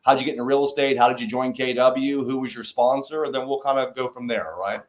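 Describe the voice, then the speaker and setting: A man's voice: mid-range voice, steady tone, fast. A man hosting a casual interview, upbeat and enthusiastic in his delivery. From Atlanta, Georgia. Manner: upbeat, hype-style talker. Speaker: interview host.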